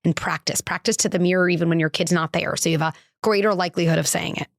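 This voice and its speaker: Candid woman with a gravelly edge. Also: steady tone, quick pace, dry recording, studio quality. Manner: candid and conversational, many "like" fillers; acts out quoted dialogue with lifted pitch. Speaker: parenting psychologist and podcast host. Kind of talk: podcast monologue, personal story.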